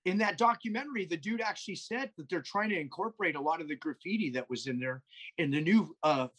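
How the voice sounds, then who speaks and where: A man in casual podcast chat, telling animated stories full of swearing and acted-out quotes. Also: a little high, fast, slightly rough. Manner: animated storyteller, swears a lot, acts out quotes.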